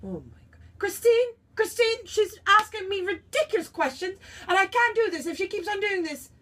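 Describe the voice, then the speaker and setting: A woman playing a haughty, melodramatic socialite with a self-styled French heritage, who swings between imperious outbursts and breathy whispers in a comic monologue. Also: a little high, lively intonation, measured pace. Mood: haughty, indignant.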